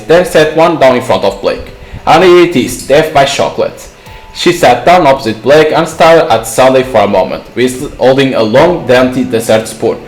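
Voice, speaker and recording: A man's voice: medium pitch, roomy sound, poor audio. A man reading a visual novel aloud with commentary, stumbling now and then and correcting himself. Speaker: gaming channel host.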